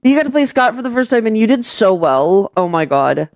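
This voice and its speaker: A woman's voice: on the high side, very animated, a little fast, dry recording. A woman streaming live and chatting casually with friends in voice chat, rambling with lots of fillers and restarts.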